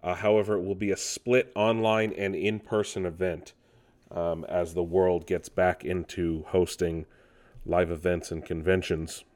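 Deep-voiced man hosting a casual gaming podcast. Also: little pitch movement, measured pace, a little mellow. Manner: loose, rambling delivery full of ums and restarts. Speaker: podcast host.

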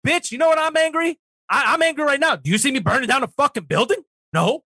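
A man's voice: very high voice, expressive, quick pace, pushed and bright, dry recording, clean studio sound. A man on a political talk show, ranting heatedly and swearing emphatically.

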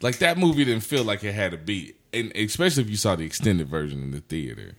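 A man's voice: fairly low pitch, fast talker, slight background noise. A tipsy man, a comedian, telling loose, profane stories in a casual podcast chat. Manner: loose, profane storytelling with animated outbursts. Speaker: comedian guest.

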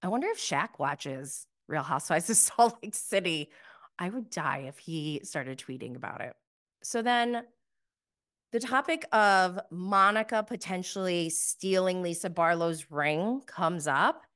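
Woman host, lower-pitched voice, chatty and sarcastic, casual commentary delivery. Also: lively intonation, measured pace, a bit bright. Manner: chatty and sarcastic, with many fillers. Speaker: podcast host recapping reality TV.

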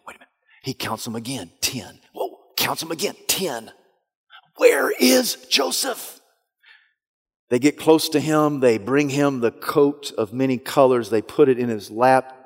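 A male pastor preaching a sermon, retelling a story dramatically, dropping to a hush and then rising loud. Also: mid-range voice. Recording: long hall reverb.

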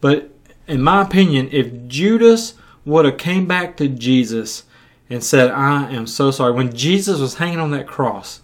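A man's voice: a little high, lively intonation, unhurried. A male preacher retelling scripture in a sermon, speaking conversationally and often repeating words as he goes.

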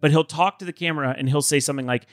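A man's voice: fairly high pitch, rapid-fire, no echo, clean studio sound. A man hosting a podcast in casual chat, enthusiastic and joking, sharing trivia. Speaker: podcast host.

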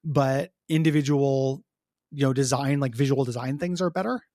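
A man's voice: mid-range voice, moderate pace, warm tone, no room sound, studio quality. A man co-hosting a podcast in casual game review chat, rambling with many ums and restarts. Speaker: podcast co-host.

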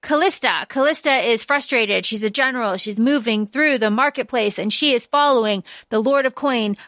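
Podcast lady, kinda high voice, chatty blunt book recap, dry close sound. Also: normal speed, fairly bright tone, dry recording. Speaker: podcast co-host. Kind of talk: casual book-discussion chat.

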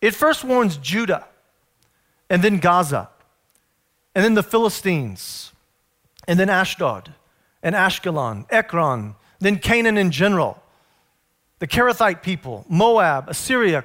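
A middle-aged man preaching a sermon, earnest and storytelling, slowing down to stress his points. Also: high voice, a bit bright. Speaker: pastor.

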